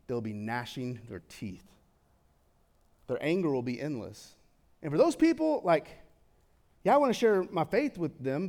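A young man preaching a sermon in a casual, conversational way, swinging from excited to hushed and solemn. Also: medium pitch. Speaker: pastor.

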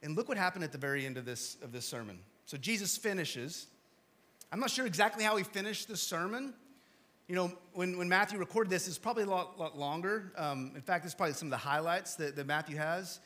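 A pastor preaches in a high, bright voice to a church congregation. He talks casually and drops in jokes, then sinks to hushed, low lines for emphasis. His delivery shifts between loud urgency and quiet gravity. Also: a little fast. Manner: conversational, with asides and small jokes. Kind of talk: sermon.

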